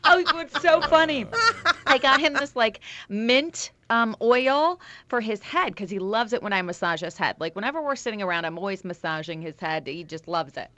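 A woman's voice: fairly high pitch, expressive, moderate pace, sharp tone. A woman co-hosting a radio show, chatting casually in a bubbly, laughing way. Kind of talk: casual banter on air.

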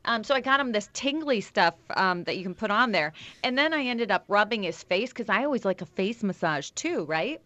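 A woman's voice: mid-range voice, animated, fairly quick, few pauses, sharp tone, no room sound, dull audio. A woman co-hosting a radio show, chatting casually in a bubbly, laughing way. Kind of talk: casual banter on air.

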